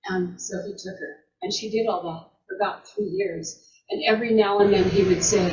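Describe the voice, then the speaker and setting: Woman telling an old folktale, slow, backs up and repeats words, kinda dull lo-fi sound with faint noise behind. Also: medium pitch, fairly even intonation, a little mellow. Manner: unhurried, repeats words and restarts while telling. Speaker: storyteller. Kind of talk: oral folktale retelling. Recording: roomy, distant, dull lo-fi sound.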